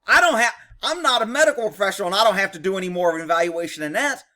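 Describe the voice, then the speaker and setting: A man's voice: sits high, lively intonation, very fast, sharp tone. A man, a former police officer, giving blunt, profane, indignant commentary on a video. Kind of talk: reaction commentary.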